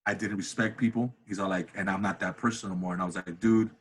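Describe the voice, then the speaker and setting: Husky and quick-paced, a man in his thirties recounts a story casually as an interview guest, animatedly impersonating the people in it with big pitch jumps. He works as a comedian and cinematographer.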